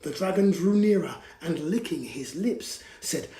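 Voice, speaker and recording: A man reads a bedtime picture book slowly and expressively, his pitch leaping around as he hushes to whispers and asks children to join in. The room has a noticeable echo. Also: a little hiss or hum. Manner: animated, drops to whispers, invites children to join in. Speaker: children's storyteller. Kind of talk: read-aloud storytime for children.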